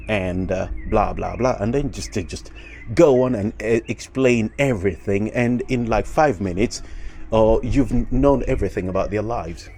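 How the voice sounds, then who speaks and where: A man's voice: fairly low pitch, moderate pace, a little mellow, slight background noise. A man hosting a video, talking in a rambling way with frequent fillers and false starts. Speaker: video host. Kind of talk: casual commentary.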